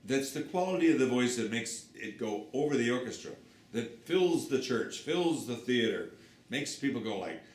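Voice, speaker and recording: A man giving a singing lesson, explaining technique in a lively way and breaking into short sung and shouted examples. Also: mid-range voice, normal speed. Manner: lively, explanatory, demonstrates sounds with his voice. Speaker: singing teacher. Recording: roomy sound with faint background noise.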